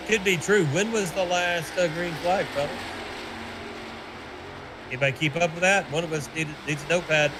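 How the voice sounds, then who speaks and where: A man's voice: fairly high pitch, normal speed, pauses often. A man from Tennessee calling a sim race play-by-play, chatty and joking with his co-host. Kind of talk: sim racing broadcast commentary. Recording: steady background noise.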